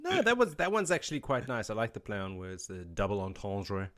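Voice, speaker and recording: A man co-hosting a casual book-discussion podcast, retelling the plot in an animated way and slipping into quick character voices. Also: fairly low pitch. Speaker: podcast co-host.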